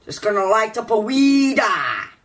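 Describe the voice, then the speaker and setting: A young man doing a high, exaggerated fake Scottish accent in a homemade comedy skit. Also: very animated, measured pace, fairly bright tone, distant mic, heavily acted. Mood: boisterous. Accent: mock Scottish.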